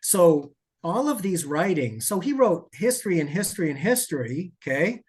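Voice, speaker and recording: A man's voice: high-pitched, moderate pace, slightly rough. Man telling a rambling story. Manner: lively, digressive, with asides and self-corrections. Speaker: podcast guest, safety expert. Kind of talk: conversational storytelling.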